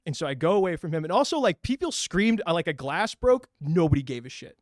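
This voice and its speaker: A man telling a story in casual chat, acting out each line of dialogue and cursing as he goes. His voice sits a bit high, and the sound is dead dry, right up on the mic. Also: quick pace, no echo. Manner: animated storyteller, acts out quoted dialogue, swears freely. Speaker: podcast host telling a story.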